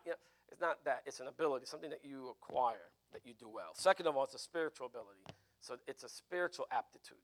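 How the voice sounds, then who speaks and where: A man's voice: fairly high pitch, animated, brisk, creaky, a bit bright. A man preaching an informal teaching sermon, conversational, with frequent restarts and "right?" asides. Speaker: pastor teaching a Bible class.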